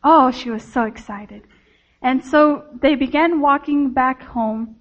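A woman leading a children's sermon, telling a story gently to the children and closing with a prayer. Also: sits high, slow pace, dull audio.

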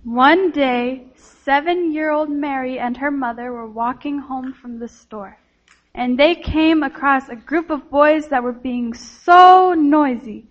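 A woman gives a children's sermon in a gentle storytelling voice, speaking straight to the kids. Her voice is high. The recording sounds slightly dull and lo-fi. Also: takes it slowly.

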